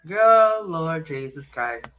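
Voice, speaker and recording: A woman hosting a casual livestream chat, loud and scolding one moment and joking the next. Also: low-pitched, animated, slow pace. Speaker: livestream host.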